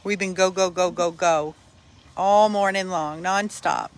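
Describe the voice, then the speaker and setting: A woman hosting a casual live stream for a dog rescue from outdoors on her phone, greeting viewers by name and breaking into high sing-song baby talk with the dogs. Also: fairly even intonation, measured pace. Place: outdoors in a yard.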